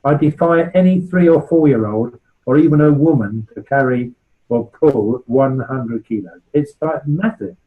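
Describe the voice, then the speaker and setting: A man's voice: mid-range voice, normal speed, narrow, tinny audio. A man in his sixties with a West Country accent, a charity founder giving an informal talk to a club, chatty and anecdotal. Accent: West Country English. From West Country of England. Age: 60s. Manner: chatty and anecdotal, checking in with "right?".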